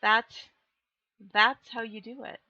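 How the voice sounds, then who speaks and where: A woman's voice: fairly high pitch, steady tone, pushed and bright, no echo, highs cut off. A woman with a Minnesotan accent, chatting casually on a live stream, reading chat messages aloud in a playful, teasing way. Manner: playful, teasing, drawn-out delivery.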